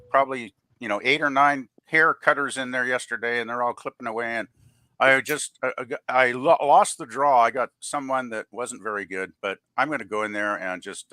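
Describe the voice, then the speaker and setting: A man chatting on a casual livestream who rambles with halting restarts. His voice is bright and forceful. The sound is dry, with little room echo. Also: mid-range voice.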